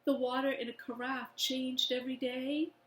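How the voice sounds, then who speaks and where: A woman voicing an eager young schoolboy who speaks in a lively, wistful way. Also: high-pitched, moderate pace, a little hiss or hum, voice pushed up. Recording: echoey room.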